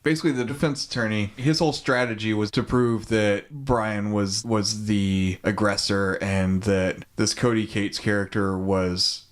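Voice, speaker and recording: A man's voice: lowish voice, steady tone, measured pace, few pauses. A man, co-hosting a podcast and casually retelling a movie plot, with plenty of ums, likes and swearing. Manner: laid-back, profane, many ums and likes. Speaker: podcast co-host. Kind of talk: casual chat retelling a film.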